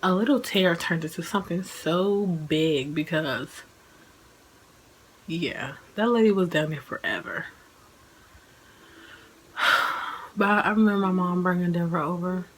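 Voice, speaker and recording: A twenty-something vlogger talks casually about her own experience at a measured pace, leaving long pauses. Her pitch is fairly low, she laughs while speaking, and "like" shows up often. Audio quality is poor.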